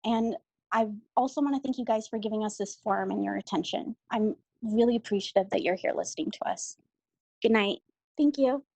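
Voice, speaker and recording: A woman with a fairly high voice delivers a prepared public comment, earnest and audibly emotional. The sound is dry and close, with no room around it. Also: brisk, dark tone, dry recording, rough recording.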